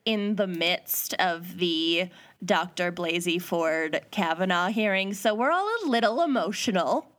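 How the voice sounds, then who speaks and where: A woman's voice: on the low side, unhurried, fairly bright tone. A woman with a Minnesotan accent co-hosting a podcast in casual chat, upbeat, chatty and a bit tipsy. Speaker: podcast co-host.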